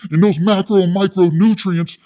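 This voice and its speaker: A man doing a comic impression of a loud, boastful male prison coach who bosses people around. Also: high-pitched, fairly even intonation, moderate pace, voice pushed up, lightly acted. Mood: bossy boasting. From California. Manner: loud, aggressive, boastful, calls others soft boy. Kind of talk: comedic impression.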